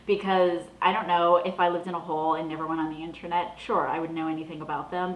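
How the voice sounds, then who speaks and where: A woman's voice: on the low side, echoey room, poor audio. Chatty woman vlogger from the Boston area. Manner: chatty, gushing, animated with laughs. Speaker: vlog host. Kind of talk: casual chat.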